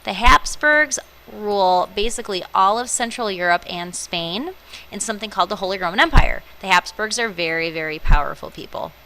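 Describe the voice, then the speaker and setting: Bright-voiced woman teaching history. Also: mid-range voice, expressive, fairly quick, poor audio. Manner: chatty, playful, self-deprecating asides. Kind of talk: recorded classroom lecture over slides.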